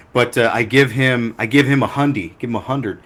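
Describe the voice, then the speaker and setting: A man's voice: medium pitch, unhurried, a bit bright. A man co-hosting a podcast, telling rambling anecdotes in casual chat and laughing often. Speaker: podcast co-host.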